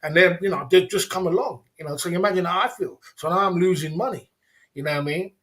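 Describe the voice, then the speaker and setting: A man's voice: high voice, fast talker, a bit bright. A man hosting a casual livestream, rambling and repeating himself in streetwise slang while answering viewers. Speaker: livestream host. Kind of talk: casual livestream chat reading viewer comments.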